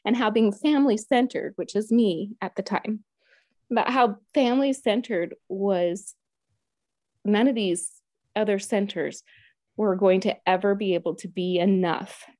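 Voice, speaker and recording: A woman in her thirties telling a deeply personal story, earnest and heartfelt, quoting her own prayers and thoughts. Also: a little slow, a little mellow, no room sound. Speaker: guest sharing a personal story.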